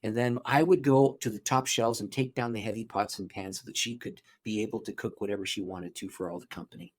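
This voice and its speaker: Animated middle-aged man telling a story. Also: on the low side, brisk. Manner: animated storyteller with frequent restarts. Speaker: pastor. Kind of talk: storytelling in an interview.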